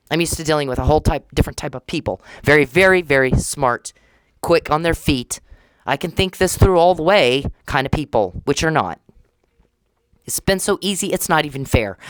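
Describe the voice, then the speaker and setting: A woman's voice: low voice, dry recording. A woman podcaster in an angry monologue, talking bluntly, profanely and confrontationally.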